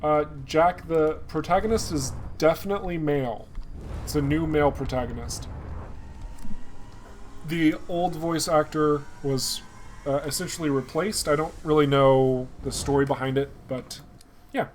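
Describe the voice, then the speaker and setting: A man's voice: on the high side, a little slow, slight background noise. Chatty young man streaming gameplay. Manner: chatty, talks to chat viewers by name. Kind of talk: casual live gameplay commentary.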